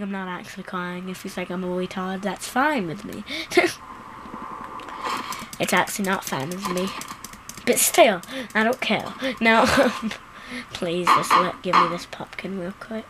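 A woman giving casual, excitable, self-mocking commentary while playing a video game at home. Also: mid-range voice, a little slow. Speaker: gameplay commentator. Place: home, seated at computer. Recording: loud background noise.

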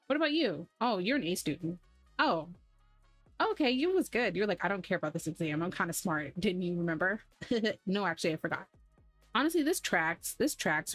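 A woman's voice: medium pitch, dry recording. A woman hosting a gaming channel, giving chatty, sarcastic, easily exasperated commentary while she plays. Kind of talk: casual gameplay commentary.

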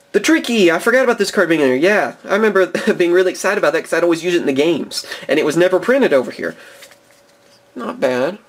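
A young man in his twenties hosting a casual card box-opening video, chatty and enthusiastic, chuckling often between remarks. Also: sits high. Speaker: card-collecting video host.

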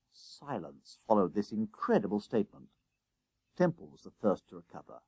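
Expressive man reading a storybook. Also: on the low side, moderate pace, husky, no room sound. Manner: expressive, does character voices. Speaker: narrator.

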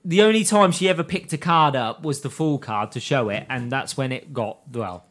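A man's voice: medium pitch, moderate pace, fairly bright tone. A man on a casual podcast, summarizing an anime plot, laughing and swearing with friends. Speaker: podcast host. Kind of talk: casual recap chat.

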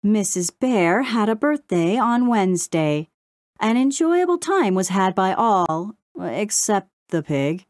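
A woman's voice: mid-range voice, very animated, slow, darkish tone, no room sound, studio quality, voice pushed up. A woman voicing a fussy male crow who reads out the news in a sing-song, clipped delivery. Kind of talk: audiobook character voice.

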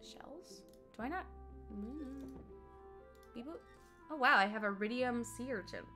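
A young woman from Colorado chatting casually and quickly while streaming a game, reading out chat and humming along. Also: fairly high pitch, bright, forceful tone, faint music behind. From Colorado, USA. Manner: fast-talking, chatty, reads chat aloud, hums along.

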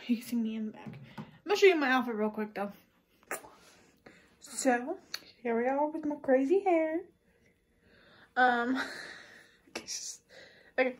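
Poor audio captures a young adult woman whose voice sits high. Out of breath, she giggles and rambles with lots of fillers in a casual daily vlog, filming herself in her car and then at home.

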